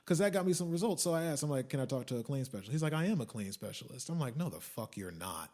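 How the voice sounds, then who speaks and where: A man hosting a podcast, telling a story as a profane rant that swings from muttering asides to shouting. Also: medium pitch, animated, very fast. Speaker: podcast host. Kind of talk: ranting monologue.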